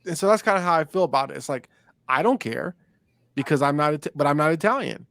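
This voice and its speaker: A man's voice: fairly high pitch, expressive, fast, vocal fry, a bit bright, no echo. A young man co-hosting a casual chat podcast, talking in a laid-back, rambling way with lots of fillers and restarts. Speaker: podcast co-host.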